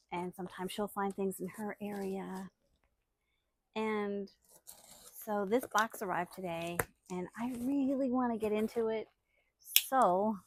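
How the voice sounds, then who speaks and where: A woman hosting a casual unboxing vlog, chatty and excitable, laughing often as she talks. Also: mid-range voice, slight background noise. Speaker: channel host.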